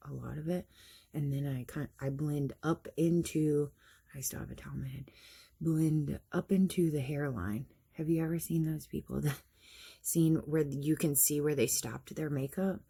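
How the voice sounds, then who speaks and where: Woman, husky voice, casual makeup tutorial, chatty, step-by-step explaining, self-deprecating. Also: low-pitched, a little slow, dark tone. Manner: chatty, explains step by step while applying makeup, laughs at herself. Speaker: makeup vlogger.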